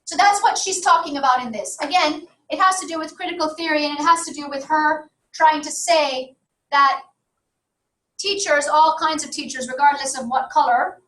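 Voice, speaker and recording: Woman lecturer rambling and correcting herself mid-sentence, high voice, mic far off in a roomy classroom. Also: normal speed, a bit bright. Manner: discursive, self-correcting, asks "okay?" to check understanding. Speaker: university lecturer. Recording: roomy classroom audio from a distance.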